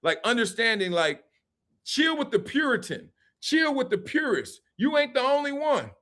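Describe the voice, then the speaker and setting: A man hosting a live-streamed sports and culture talk show, reacting to a clip in an animated, slangy way and laughing often. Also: extremely high pitch, moderate pace. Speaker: host.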